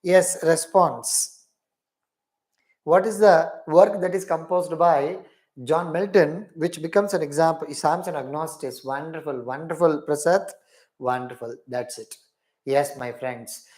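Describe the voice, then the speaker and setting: A man's voice: fairly high pitch, a little slow, a little mellow. A man teaching English literature in a live online class, repeating each question and praising every student's answer.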